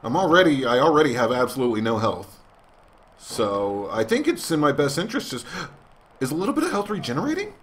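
A man's voice: medium pitch, very animated, fairly quick. A man commentating a wrestling video game as a let's play host, joking in a mock announcer way. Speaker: gaming channel host.

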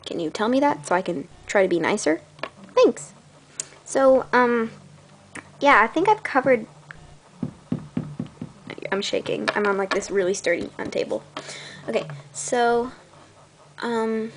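A woman's voice: a little high, slight background noise. A teenage girl hosting her own channel, chatting in a bubbly, rambling way with dramatic gasps. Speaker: channel host. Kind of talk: casual vlog chat.

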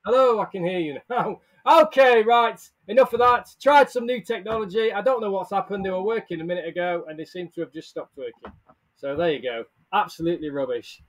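A man with a high voice hosts a casual live stream at a brisk pace, staying upbeat, greeting viewers by name and laughing often. He's using a headset or earbuds along with a desk mic.

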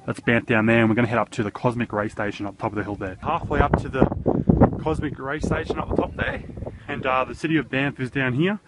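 Aussie guy vlogging a trip, excited and chatty, noisy outdoor camera audio. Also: medium pitch, quick pace. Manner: chatty and excitable, with mild swearing. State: out of breath. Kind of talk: travel vlog narration. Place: outdoors on a mountain and in a gondola cabin. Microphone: handheld camera mic.

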